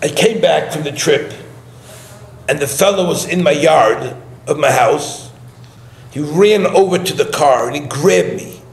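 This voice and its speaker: A man's voice: on the high side, a little slow, gravelly. A middle-aged man, a rabbi, telling a story in a sermon and acting out its dialogue with animation. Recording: echoey room, faint background hum.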